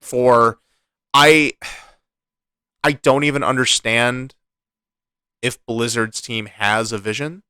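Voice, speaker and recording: A man co-hosting a casual gaming podcast, ranting in a frustrated, animated way with many restarts. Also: mid-range voice, slow pace, pauses often, clear, resonant tone, dry recording. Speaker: podcast co-host.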